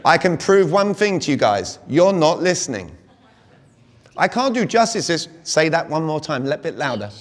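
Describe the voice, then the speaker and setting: Energetic British male seminar coach, slightly high voice, reverberant hall. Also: normal speed. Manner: energetic, fires rhetorical questions at the crowd. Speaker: communication coach speaking to a sales audience. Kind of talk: live seminar talk. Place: large hall with an audience.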